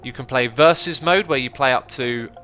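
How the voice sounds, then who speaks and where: A man hosting a gaming livestream in a casual, chatty way, reading viewer messages aloud and thinking out loud as he explains. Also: mid-range voice, moderate pace, faint music behind. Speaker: livestream host.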